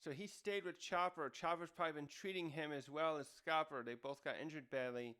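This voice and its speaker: Man reviewer, casual rambling commentary, slightly high, smooth clear voice. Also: steady tone, fairly quick, pushed and bright. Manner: rambling, self-correcting. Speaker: manga reviewer.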